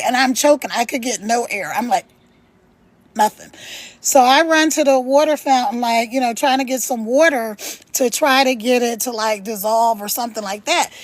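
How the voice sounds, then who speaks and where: A middle-aged woman hosting a live stream from home, telling a story in an animated, chatty way and laughing as she talks, into a phone. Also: fairly high pitch, normal speed, no room sound, low-quality recording. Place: at home, later walking in her backyard.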